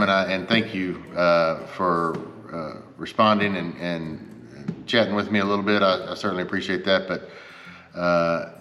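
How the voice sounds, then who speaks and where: A man's voice: deep voice, bright, forceful tone, in a large hall. A man hosting a motorcycle vlog, talking casually and earnestly to his viewers and asking them for advice. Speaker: motorcycle vlogger. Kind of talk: casual chat to camera.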